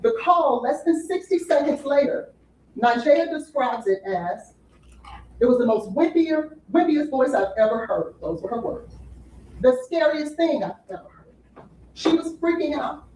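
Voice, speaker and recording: A woman's voice: high-pitched, lively intonation, measured pace, a little mellow, a little hiss or hum. A woman giving a courtroom opening statement as defense attorney, with emphatic repetition to the jury. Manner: emphatic, repeating "you'll hear" to a jury. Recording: echoey courtroom audio from far off.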